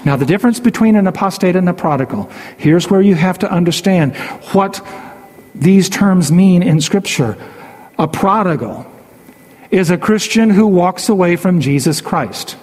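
A man's voice: high voice, expressive, normal speed, darkish tone, in a large hall. A man preaching a sermon as pastor, emphatic and repeating key phrases for stress, his voice rising and falling widely.

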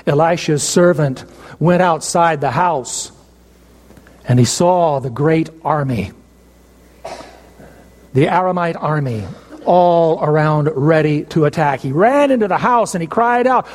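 In a big hall with long reverb, a high-voiced man preaches a sermon, retelling a story expressively with emphatic stresses and dramatic pauses.

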